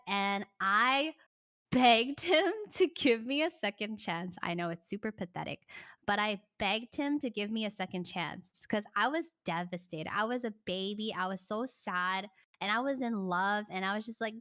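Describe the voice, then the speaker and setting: A woman streamer casually telling a personal story, animated, swearing and full of "like" fillers. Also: mid-range voice, normal speed.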